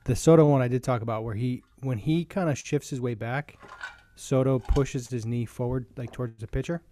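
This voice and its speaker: A man hosting a sports podcast, leading the topics in a relaxed, enthusiastic way. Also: medium pitch, moderate pace. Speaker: podcast host. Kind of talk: casual podcast chat.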